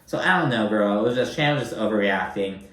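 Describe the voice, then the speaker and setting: A man casually recapping a reality show, sassy and animated, swearing often and acting out what the cast says. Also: on the low side, fast talker, reverberant, recorded from a distance. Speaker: recap host.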